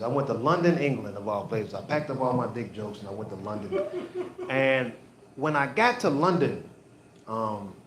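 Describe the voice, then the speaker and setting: A man's voice: medium pitch, slight background noise. A man doing a stand-up routine on a comedy club stage, telling loose, profane stories and repeating his lines. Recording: echoey live venue.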